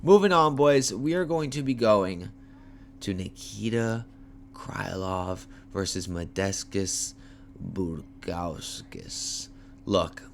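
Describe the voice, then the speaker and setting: A fairly low-voiced man talks through fight picks in a loose, foul-mouthed, joking way. He is tired and yawning from the late hour. A faint hum sits under his homemade recording. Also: slow pace, vocal fry. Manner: animated, profane, playful trash talk. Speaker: MMA fight picks host. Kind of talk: casual fight preview talk. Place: homemade setup.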